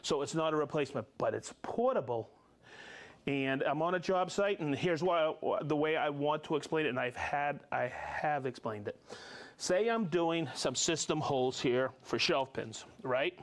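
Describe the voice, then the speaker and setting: A man hosting a live tool demonstration show, talking casually with jokes and quick bursts of speech. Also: fairly high pitch, lively intonation. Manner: jokey, upbeat, quick bursts of talk. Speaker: host of a tool demo show. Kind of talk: casual live demo chat.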